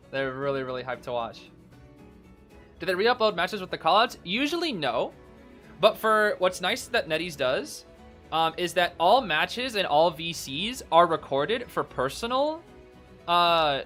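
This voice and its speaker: An excitable male streamer talks casually over live esports matches, tossing in "bro" and laughing often. His voice sits a little high and swings widely in pitch. Soft music plays faintly behind him.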